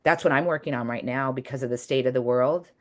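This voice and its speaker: A woman's voice: a bass voice, fast. A woman coach giving a casual, earnest talk over a video call, speaking in a chatty way with many restarts. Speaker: coach and webinar presenter.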